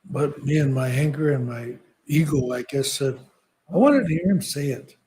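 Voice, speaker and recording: An older man telling a personal story in a slow, halting, soft-spoken way. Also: medium pitch, animated, low-quality recording. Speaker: podcast guest speaker.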